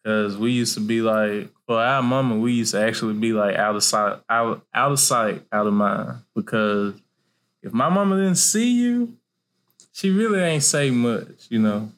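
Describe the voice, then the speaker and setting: A man's voice: mid-range voice, moderate pace, a bit bright. A man, co-hosting a podcast in a laid-back casual chat. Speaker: podcast co-host.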